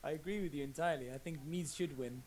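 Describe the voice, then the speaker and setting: A man with a British English accent co-casting a strategy game casually, with quick enthusiastic exclamations. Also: on the high side, darkish tone, distant mic. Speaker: co-caster.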